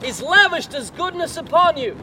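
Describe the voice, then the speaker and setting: A man's voice: very high-pitched, sing-song, moderate pace, sharp tone, slight background noise. An older man preaching a sermon, telling a story and putting rhetorical questions to the listener.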